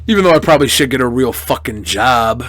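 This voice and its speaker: A man's voice: mid-range voice, lively intonation, fast, a bit bright, no room sound. A young man live-streaming, thanking donors in crude, profane, mock-angry banter with his chat. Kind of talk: casual live-stream chat reading donations.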